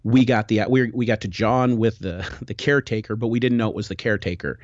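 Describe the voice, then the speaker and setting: A man hosting a podcast, telling a travel story in casual chat, animated and full of restarts. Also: fairly low pitch, fast, no room sound. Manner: animated, rambling with many restarts. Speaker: podcast host. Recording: dull, dry lo-fi recording.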